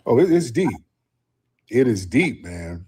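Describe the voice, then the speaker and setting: Guy hosting a livestream, husky voice, swings his pitch all over, cussing and drawling. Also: slow. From Houston, Texas. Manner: animated, drawling, profane banter. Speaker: livestream host. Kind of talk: casual livestream chat.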